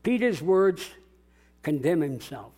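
High-voiced man preaching a sermon. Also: sing-song, slow, darkish tone, slightly rough, soft background music. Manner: dramatic, call-and-response preaching. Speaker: pastor.

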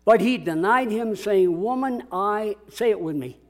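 A man's voice: high-pitched, lively intonation, unhurried. A man preaching a sermon as a pastor, dramatic and calling out to his congregation. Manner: dramatic, call-and-response preaching.

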